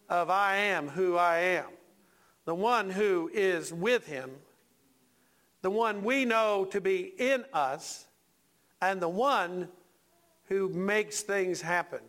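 A male pastor preaching a sermon in a church, folksy and animated, talking to the congregation with asides and questions. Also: high-pitched, takes it slowly.

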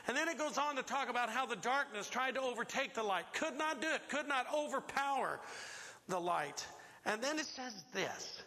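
A man's voice: very high-pitched, very animated, normal speed, sharp tone, long reverb tail. A man preaching a sermon to a congregation, emphatic and quizzing listeners with questions. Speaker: pastor. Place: church sanctuary.

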